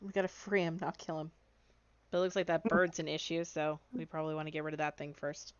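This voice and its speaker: A woman playing a tabletop game in casual chat, brisk and decisive as she directs the group. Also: low-pitched, level tone, smooth, no room sound, highs cut off. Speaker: player.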